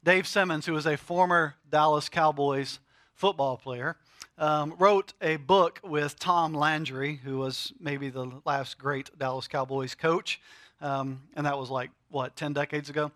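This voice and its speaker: A middle-aged man preaching a sermon, with emphatic swells and dramatic pauses. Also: a little high, steady tone, a bit bright, dry recording, studio quality. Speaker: pastor.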